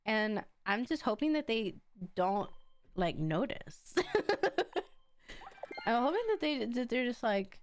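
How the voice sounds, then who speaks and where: Lively, chatty young woman streamer. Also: a little high, slow pace, pauses often, a little hiss or hum. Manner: chatty and animated, laughs often. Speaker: streamer and card game caster. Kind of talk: casual chat while playing a card game.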